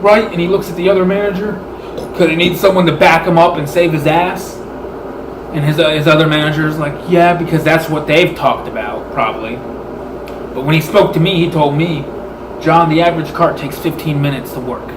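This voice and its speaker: A man's voice: fairly high pitch, fairly quick. A man telling an angry story about a clash with his manager, acting out both sides of the argument and swearing often. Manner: animated, swearing, replays arguments in quoted dialogue. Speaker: vlogger. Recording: echoey room with background hum.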